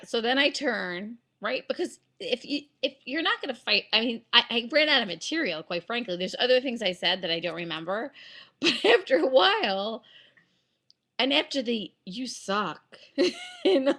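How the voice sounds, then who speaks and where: A woman vlogger telling a story to her camera in a casual, animated way, laughing through it. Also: fairly high pitch, normal speed.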